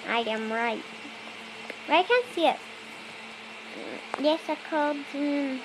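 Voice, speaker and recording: A woman's voice: sits high, expressive, takes it slowly, noisy background. A young girl chatting casually to viewers as she plays a block-building game, rambling and talking to herself. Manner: rambling, self-talking while playing, non-native phrasing. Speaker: let's play creator. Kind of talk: casual gameplay commentary.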